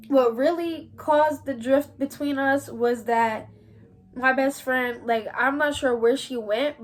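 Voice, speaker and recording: A young woman, casually telling a story to her viewers in a slangy, animated way and often calling out to them as y'all. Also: fairly high pitch. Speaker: vlogger.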